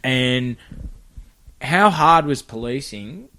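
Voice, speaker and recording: A man's voice: mid-range voice, lively intonation, slow pace, pushed and bright. An Australian man hosting a podcast, easygoing, asking questions and calling his guest mate. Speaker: podcast host. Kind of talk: casual interview.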